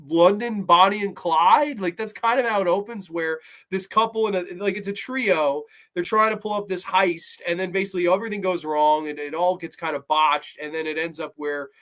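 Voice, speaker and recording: A man casually reviewing a horror series episode, rambling and excitable, swearing freely as he recounts the plot. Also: high voice, a little fast, few pauses.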